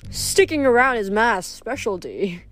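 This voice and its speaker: A woman's voice: fairly high pitch, big pitch swings, a little slow, a bit bright, no room sound, faint music behind. A woman reading aloud, voicing a wisecracking teenage boy who jokes awkwardly. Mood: joking.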